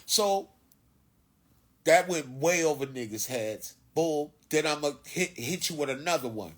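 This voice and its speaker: A man's voice: fairly high pitch, lively intonation, measured pace. A man with a Philadelphia accent talking loosely and profanely to viewers on a phone livestream, swaggering and preachy. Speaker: livestream host. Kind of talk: casual livestream monologue.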